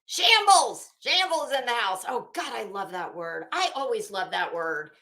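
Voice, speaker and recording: A middle-aged woman hosts a relaxed commentary livestream from her home office, rambling, reading viewer comments and greeting people by name. Her voice sits fairly high with big pitch swings, and her tone is bright and forceful at an unhurried pace.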